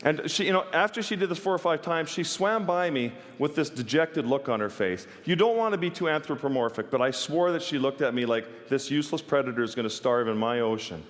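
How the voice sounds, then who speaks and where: A man's voice: on the high side, expressive, fairly quick, hardly any pauses, fairly bright tone. A man giving a stage talk, telling a personal story in an earnest, vivid way with wry humor. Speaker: wildlife photographer giving a talk. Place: stage in a large hall. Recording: long reverb of a large hall.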